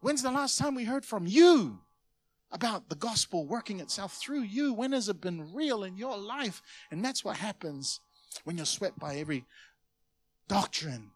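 Pastor preaching in a conversational way. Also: male voice, high voice. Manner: conversational preaching, sudden loud emphases. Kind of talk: sermon. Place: church.

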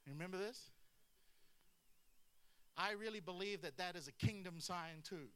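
A man preaching a lively sermon with humor and asides. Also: high voice, moderate pace, clean tone. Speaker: pastor.

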